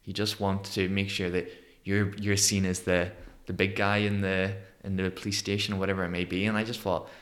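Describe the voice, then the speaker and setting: A man in his thirties from Northern Ireland with a Northern Irish accent, a podcast guest telling his story in an animated way and acting out the voices of people he quotes. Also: low voice, a little fast. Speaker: guest, motivational speaker. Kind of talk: conversational storytelling interview.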